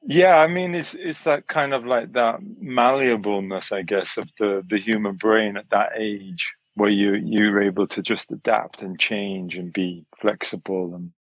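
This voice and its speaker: A man from Wales, a yoga teacher and musician, talking as a podcast guest in a relaxed, rambling way. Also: lowish voice, a little slow, hardly any pauses, no room sound, rough recording. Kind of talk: relaxed conversational interview.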